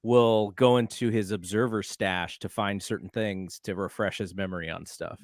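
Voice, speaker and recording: A man's voice: lowish voice, steady tone, moderate pace, dry recording, clean studio sound. A man hosting a casual podcast chat, friendly and appreciative as he asks his co-host questions.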